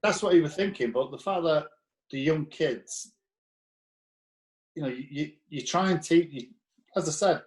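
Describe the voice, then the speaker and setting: A man's voice: fairly high pitch, normal speed, pauses often, rough recording. A man, a former footballer appearing as a guest, telling stories in a blunt, profane way and acting out quoted dialogue. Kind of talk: casual anecdotal storytelling.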